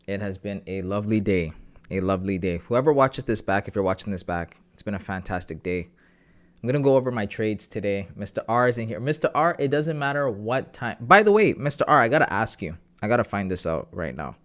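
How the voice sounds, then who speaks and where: A young man hosting a casual trading livestream, greeting viewers and reading chat in an excited, chatty way. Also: lowish voice.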